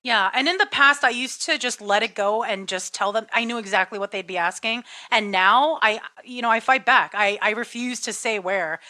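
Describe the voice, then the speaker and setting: A woman from the United States telling stories in a casual chat over a video call, animated, acting out quotes and laughing often. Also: a little high, moderate pace, few pauses.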